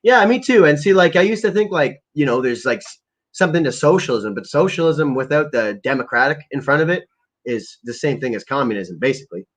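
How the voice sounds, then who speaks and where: A man's voice: on the high side, animated, a little fast. A man hosting a casual livestream, ranting about politics in profane, rambling bursts and reading out viewer comments. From Canada. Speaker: livestream host.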